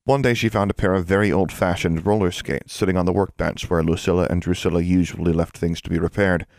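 A man narrates a fantasy audiobook in an even, measured way. His voice is very deep, and the recording is dry and close with no room sound. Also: creaky, no echo. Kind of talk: scripted narration.

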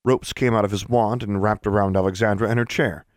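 Low-voiced male storybook narrator. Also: fairly quick, no echo, studio quality. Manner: steady storytelling, lively intonation. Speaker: audiobook narrator. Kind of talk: scripted fantasy narration.

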